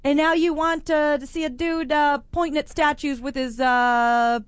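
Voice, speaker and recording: A woman co-hosting a radio show, telling stories in animated, blunt and crude casual banter. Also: high-pitched, moderate pace, dry recording. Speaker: radio co-host. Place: radio broadcast from a shopping promenade.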